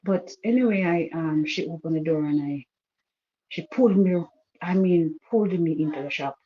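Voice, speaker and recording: A woman telling an emotional personal story in a halting way, restarting and repeating her sentences. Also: on the low side, warm tone, highs cut off.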